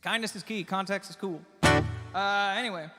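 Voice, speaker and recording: A man performing live, chatting between songs in a rambling, halting way, stumbling over restarts. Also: high-pitched. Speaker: singer-songwriter performing live. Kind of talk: between-song stage banter. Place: small bar stage. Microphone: stage vocal mic. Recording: live bar recording with long reverb and band music. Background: guitar and band music.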